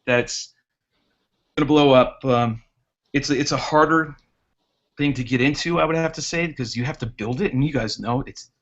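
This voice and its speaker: A man's voice: medium pitch, normal speed, long pauses, a bit bright. Male racing guest, chatty storyteller, mid-range voice, dull video-call sound. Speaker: guest drone racer. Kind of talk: casual chat on a live hangout.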